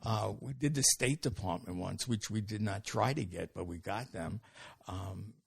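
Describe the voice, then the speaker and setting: An older man from Brooklyn, a comedian, telling animated stories as a podcast guest with frequent restarts. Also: on the low side, normal speed, creaky, husky, no room sound. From Brooklyn, New York. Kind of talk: podcast storytelling.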